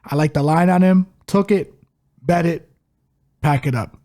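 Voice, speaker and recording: A man's voice: a little high, a little slow, dark tone. A man co-hosting a casual combat-sports betting podcast, confident and blunt about his picks. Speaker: podcast co-host, betting analyst.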